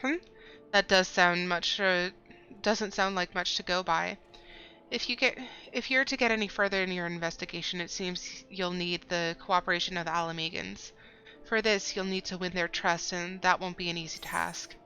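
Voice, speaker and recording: A woman reading a calm, measured male commander in a game, a bit lower and softer than her own voice. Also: muffled recording. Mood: advising.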